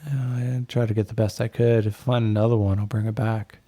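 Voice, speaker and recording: A man's voice: on the low side, little pitch movement, a little fast, dark tone, dry recording, close to an everyday voice. A man voicing a bitter young scavenger driver who talks bluntly and swears a lot. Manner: blunt and profane.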